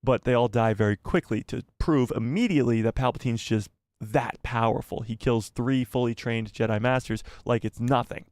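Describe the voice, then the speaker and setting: A man's voice: mid-range voice, normal speed, hardly any pauses, darkish tone, dry recording. A man hosting a live fan stream, chatting casually in a rambling, self-deprecating, joking way. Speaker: host of a live fan show.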